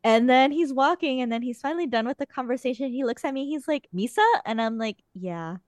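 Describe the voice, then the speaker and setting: Young woman gabbing on a podcast, smooth clear voice, dry close sound, swears now and then. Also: sits high, quick pace, no echo. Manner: chatty storytelling, frequent swearing. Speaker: podcast host. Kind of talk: casual chat.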